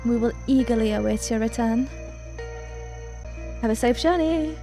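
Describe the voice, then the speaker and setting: A woman reading the lines of a gentle female priestess in a story game, soothing and ceremonial. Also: a little high, normal speed, soft background music, lightly acted, low-quality recording.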